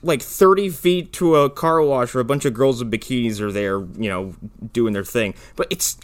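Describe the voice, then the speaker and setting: A man's voice: mid-range voice, normal speed. A man co-hosting a podcast, making wry remarks about a bad movie in casual chat. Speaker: podcast co-host.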